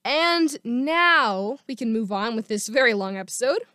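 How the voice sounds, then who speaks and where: Woman podcast host, upbeat fan chatter, bright-pitched, close dry mic. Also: expressive, a little slow, clear, resonant tone, no echo. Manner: chatty and enthusiastic. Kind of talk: casual solo podcast talk.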